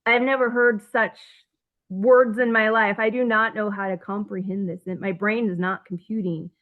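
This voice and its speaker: A woman's voice: mid-range voice, fairly even intonation, moderate pace. A woman telling her own story as an interview guest, acting out both sides of phone calls, with nervous laughs and stumbling restarts. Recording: thin phone-like audio.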